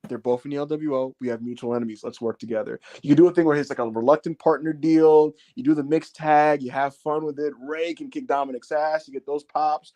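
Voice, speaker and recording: Animated man reviewing wrestling. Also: on the high side, a little fast, few pauses. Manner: animated, acts out quotes, swears freely. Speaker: podcast co-host. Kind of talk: casual wrestling review chat.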